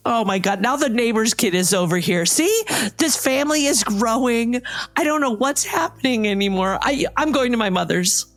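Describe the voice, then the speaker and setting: A woman's voice: fairly high pitch, normal speed, pitched above the performer's own voice, natural voice. A woman playing a fed-up wife in an improv comedy scene, scolding and exasperated.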